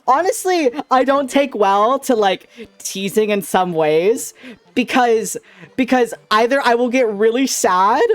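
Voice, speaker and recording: A young man streaming as a VTuber, chatting casually in a giggly, rambling, playful and self-teasing way. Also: sits high. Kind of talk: casual livestream chat.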